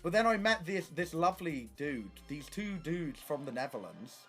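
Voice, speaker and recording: A young man streaming, telling stories in casual chat, animated and swearing often. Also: a little high, normal speed, faint music behind.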